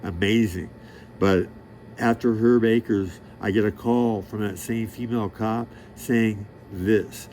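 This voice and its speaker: A middle-aged man with a somewhat low voice delivers a rambling monologue straight to the listener. He is brash and crude, bragging and peppering his talk with street slang. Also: fairly even intonation, slow pace, a little mellow, a little hiss or hum. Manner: profane, boastful, streetwise; rambling, loses track of the story. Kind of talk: rambling direct-to-camera monologue.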